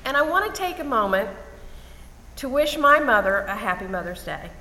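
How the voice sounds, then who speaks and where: An older woman giving an earnest Mother's Day message, telling family stories in a measured way. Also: fairly high pitch, very animated, sharp tone. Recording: reverberant hall with faint noise.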